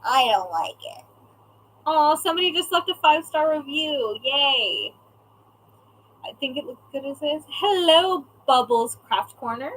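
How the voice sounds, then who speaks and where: A woman's voice: high-pitched, measured pace, a bit bright, low-quality recording. A young woman chatting casually on a live stream as a craft shop owner, reading out viewer comments and swearing now and then.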